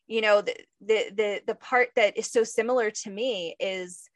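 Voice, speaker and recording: A woman hosts a casual podcast interview and gushes with enthusiasm as she trades stories with her guest. Her voice sits at a middle pitch. It is recorded dry and close, with no room sound. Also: normal speed, dry recording. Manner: effusive, enthusiastic. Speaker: podcast host.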